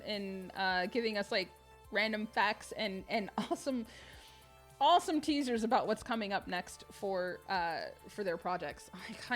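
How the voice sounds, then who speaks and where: A woman streaming a game live, chatting with viewers in a bubbly, excitable way and laughing often. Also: a little high.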